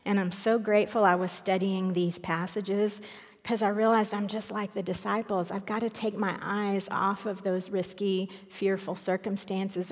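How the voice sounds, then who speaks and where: A woman's voice: medium pitch, in a large hall. A woman giving an earnest, personal Bible teaching, reading scripture aloud in a church.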